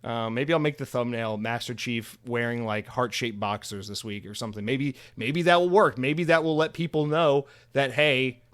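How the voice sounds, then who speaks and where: A man's voice: mid-range voice, moderate pace, few pauses, a bit bright, clear, resonant tone. Rambling, profane male podcast host. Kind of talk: casual solo podcast monologue.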